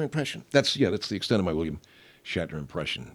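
Middle-aged guy rambling on his podcast, swears a lot, keeps clearing his throat, bouncy voice. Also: lowish voice, sing-song, fairly quick, fairly bright tone. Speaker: podcast host. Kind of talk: casual comedic monologue.

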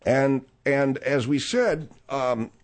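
A middle-aged man hosting a talk-radio show, rambling in a casual, animated way with plenty of fillers. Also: mid-range voice, slow pace.

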